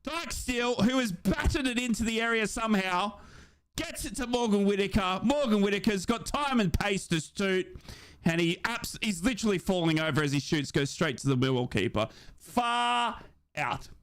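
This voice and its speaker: A man giving excitable live football commentary during a watch-along, his voice jumping high in big moments as he reads out and answers viewer comments. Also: normal speed, smooth. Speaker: football fan commentator and streamer.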